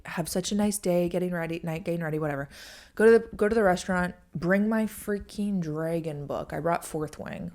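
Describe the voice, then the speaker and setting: A young woman hosts her podcast and tells a casual, chatty story, with "like" in every other phrase. Her voice sits a bit low for a woman. Now and then she sinks into a hushed aside before picking the pace back up. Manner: chatty, heavy use of "like", drops to hushed asides. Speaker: podcast host.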